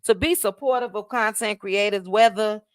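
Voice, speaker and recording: Smooth-voiced Midwestern woman hosting a livestream. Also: mid-range voice, normal speed, dry recording, clean studio sound. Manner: chatty, thanks viewers by name, drops "child" asides. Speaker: livestream host. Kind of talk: casual livestream chat reading viewer comments.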